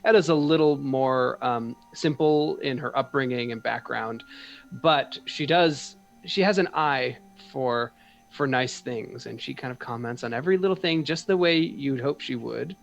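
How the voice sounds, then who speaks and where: A man's voice: mid-range voice, measured pace, vocal fry, soft background music. Hesitant male game master narrating. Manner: hesitant, with many fillers.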